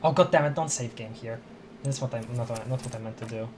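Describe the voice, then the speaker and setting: A man's voice: medium pitch, fast talker, a little hiss or hum. A man streaming a playthrough of a game, who laughs often and reads the game text aloud with stumbles. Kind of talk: casual game playthrough commentary.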